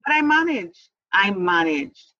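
Female interview guest, earnest personal testimony, stop-start delivery, husky edge. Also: medium pitch, sing-song, unhurried, sharp tone, no room sound, muffled recording. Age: adult mother. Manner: earnest, repeats words, restarts, laughs lightly.

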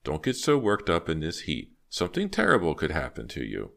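A man reading aloud voices a frail, sly old woman with a slow, sweetly sharp drawl. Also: very deep voice, wildly swooping pitch, creaky, full character voice. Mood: sly, tart. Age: older.

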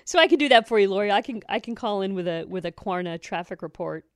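A woman co-hosting a radio show who chats easily and pokes fun at herself, with a ready laugh. Her voice sits at an ordinary middle pitch. It is recorded close and dry on a studio mic. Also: expressive, quick pace, no room sound. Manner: chatty, self-mocking, laughs often. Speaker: radio co-host. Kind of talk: casual chat.

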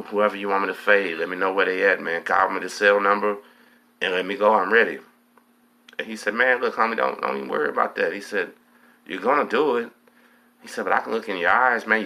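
A man with a Texas drawl spins a long, loose story in street slang, swearing freely and tagging nearly every line with "man." His voice sits very low, yet its tone comes through bright and forceful. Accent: Southern US, Texas. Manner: streetwise slang, profane, fills lines with "man". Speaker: host, storyteller. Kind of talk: casual storytelling monologue.

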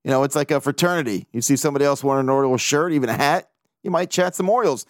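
A man's voice: medium pitch, rapid-fire, dry recording, clean studio sound. A man hosting a casual solo podcast, rambling and joking, swearing freely as he talks. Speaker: podcast host.

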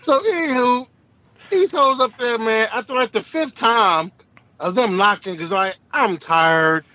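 A middle-aged man, a truck driver, telling stories casually, profane and animated, acting out the people in them. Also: extremely high pitch, a little slow, no echo, muffled recording. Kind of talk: casual podcast storytelling.

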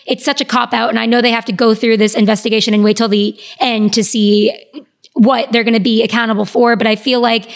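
A woman's voice: a little high, flat delivery, a little fast. A woman speaking as a panelist in a discussion, earnest and questioning.

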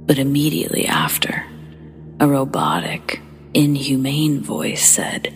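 A woman hosting a horror story show, reading first-person accounts in a hushed, breathy whisper with a slow, measured delivery. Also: a bass voice, little pitch movement. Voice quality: breathy whisper with gravelly fry. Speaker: horror story narrator and host.

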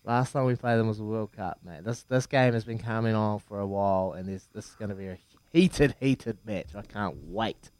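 A man's voice: lowish voice, normal speed, no echo. A man in his thirties, a former rugby player, chatting on a podcast and telling stories with lots of repeats and friendly asides. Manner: animated storyteller, many repeats and "mate". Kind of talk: casual podcast chat.

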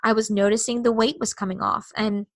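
Woman, thirties, podcast guest, candid personal storytelling, earnest, somewhat high voice, dry close sound. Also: little pitch movement, brisk, no room sound. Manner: earnest and candid, acting out remembered conversations.

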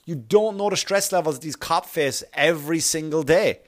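A man rants through a profane comic monologue. His voice sits somewhat high for a man, and he talks bluntly and acts out the people he describes. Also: normal speed. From Long Island, New York. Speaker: comedian.

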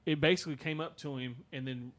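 A man hosting a podcast, telling a story in a casual, halting way with many fillers and restarts. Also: fairly high pitch, steady tone, a bit bright. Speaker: podcast host.

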